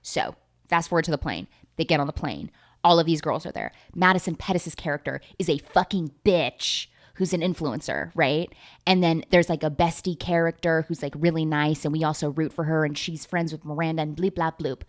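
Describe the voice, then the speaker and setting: A woman tells the story of a movie in a breathless, gossipy rush. Her voice sits a little low, then shoots up into loud, squealing outbursts and salty asides, and she talks as if she is chatting with a friend. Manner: fast, animated, profane, with big comic pitch jumps. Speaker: vlogger recapping a movie. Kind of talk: casual chat.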